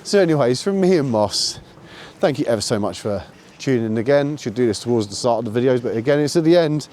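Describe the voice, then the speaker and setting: Relaxed man on a dog walk. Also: medium pitch, quick pace, slight background noise. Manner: relaxed, chatty, explains dog training. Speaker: dog-walking vlogger. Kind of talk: casual walking vlog chat. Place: outdoors on a walk.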